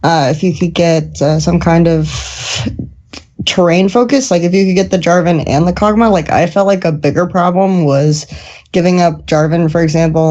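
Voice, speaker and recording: A woman's voice: on the low side, a little mellow, highs cut off. A woman esports analyst on a panel, talking thoughtfully with hedges and restarts. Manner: thoughtful, hedging, many restarts. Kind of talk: casual panel discussion.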